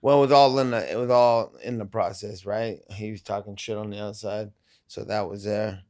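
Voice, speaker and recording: A man's voice: lowish voice, steady tone, normal speed, a little mellow. A man telling stories as a podcast guest, laid-back and full of swearing. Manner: profane, laid-back, rambling. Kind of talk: casual storytelling.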